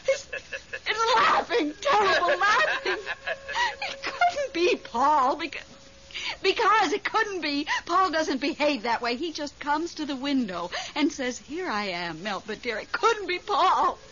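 A woman's voice: high voice, very animated, measured pace, bright, forceful tone, exaggerated voice. A woman playing a fluttery jumpy widow. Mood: chatty. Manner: fluttery, exclamatory, stammering when startled. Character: fussy widow, jumpy and talkative. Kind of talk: radio drama acting. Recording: dull lo-fi radio recording with faint hiss.

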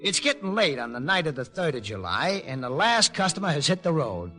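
An actor playing a tough-talking, streetwise war veteran who narrates the story in a 1940s radio drama, full of slang and wisecracks. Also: male voice, a little high, sing-song, fairly quick, pushed and bright, faint music behind. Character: wisecracking streetwise man, war veteran, gruff but kind. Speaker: narrator and lead character.

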